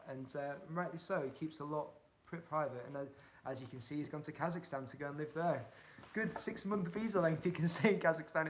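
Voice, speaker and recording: A man's voice: a little high, slight background noise. A man in his thirties hosting a casual livestream, speaking candidly with rambling restarts while he reads viewer comments aloud. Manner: candid, rambling, laughs easily. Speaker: cycling travel vlogger hosting a livestream.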